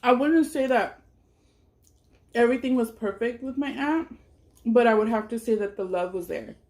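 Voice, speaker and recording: A woman's voice: fairly high pitch, moderate pace, darkish tone. A woman and mother telling a personal story while eating on camera, talking in a blunt, emphatic way, swearing freely and speaking openly about her feelings. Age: adult parent. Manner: candid and emotional. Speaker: mukbang vlogger.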